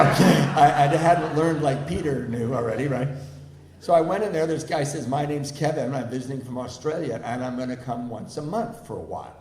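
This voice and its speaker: A man's voice: mid-range voice, a little mellow. A middle-aged man from the United States, a guest speaker at a recovery meeting, telling his own story to a live audience and acting out the people in it, laughing often. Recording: echoey meeting hall with faint ambience.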